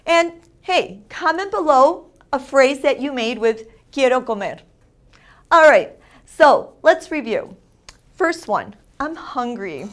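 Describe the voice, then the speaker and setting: A woman's voice: high voice, sing-song, takes it slowly. A woman hosting a community TV show, giving an upbeat Spanish lesson and drilling phrases with emphatic repetition. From Italian heritage. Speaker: show host and Spanish teacher.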